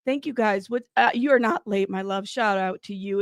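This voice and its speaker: A woman's voice: mid-range voice, normal speed, no room sound. A woman hosting a true crime news livestream, chatty and a bit out of breath, greeting her chat. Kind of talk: casual livestream commentary.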